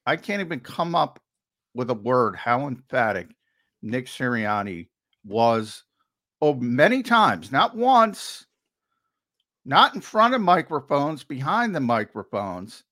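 A man's voice: medium pitch, big pitch swings, slow pace, bright, forceful tone. A man co-hosting a sports talk show, talking emphatically and repeating words for stress. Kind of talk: heated sports talk commentary.

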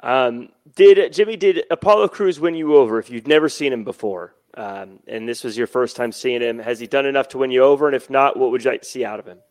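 A man's voice: medium pitch, fairly quick, hardly any pauses, no echo. A man hosting a wrestling podcast, running the show and passing questions to his panelists. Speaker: podcast host.

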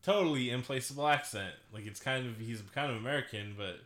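A man's voice: medium pitch, quick pace, fairly bright tone. A man co-hosting a podcast, chatting casually about movies, rambling with lots of "like" and laughing often. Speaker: podcast co-host.

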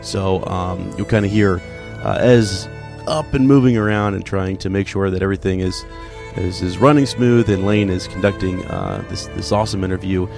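A man with a very low, gravelly voice opens the podcast episode in a relaxed, halting way, pausing on plenty of fillers. Music plays clearly beneath his words. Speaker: podcast co-host introducing the episode. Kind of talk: casual spoken intro.

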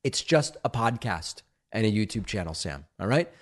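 A man's voice: lowish voice, very animated, moderate pace. A middle-aged man born in Argentina, hosting a political talk show, reading listener mail aloud and answering it in a conversational, emphatic, playfully defensive way.

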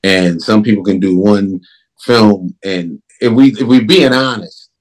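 A man who directs films, talking in a casual interview in an emphatic, animated way. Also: on the low side, measured pace. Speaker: film director.

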